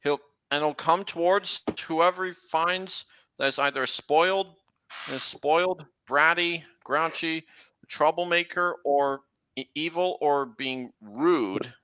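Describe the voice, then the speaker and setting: Guy chatting on a stream, really bright and clear voice, takes his time, lots of restarts. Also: fairly high pitch, slow, no room sound, highs cut off. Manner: rambling, with many restarts, trailing lists. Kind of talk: casual chat on a livestream.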